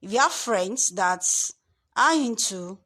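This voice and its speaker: A woman's voice: mid-range voice, animated, slow pace, fairly bright tone. Woman tutor, screen-share lesson, repetitive, leans on key words.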